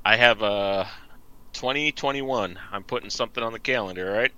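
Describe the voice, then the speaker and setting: A man's voice: lowish voice, a little fast, bright, forceful tone, clean tone, dull audio. A man co-hosting a podcast in casual chat, teasing his friend and filling his talk with "like" and "right". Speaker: podcast co-host.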